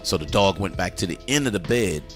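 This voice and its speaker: A man's voice: low voice, expressive, fairly quick, faint music behind. A man hosting a casual movie review chat, enthusiastically retelling scenes and swearing freely.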